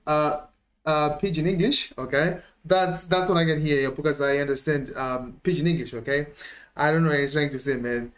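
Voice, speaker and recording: A man hosts a music reaction video, casual and excitable, laughing often and ending sentences with "man" and "okay?". His voice is a little high, at normal speed.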